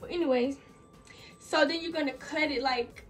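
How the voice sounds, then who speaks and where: Here a young fashion vlogger talks at a moderate pace in a high voice, chatty and somewhat out of breath as she explains a DIY clothing project full of "like" and "y'all." The mic picks her up from afar, and soft music plays faintly behind her.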